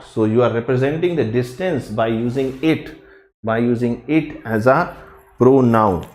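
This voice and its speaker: A man teaches a live grammar class, saying each phrase twice at a very slow, deliberate pace. His voice sits in the middle range. The room gives it a noticeable echo. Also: mid-range voice, darkish tone. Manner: slow, repeats phrases and drills them. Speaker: English teacher.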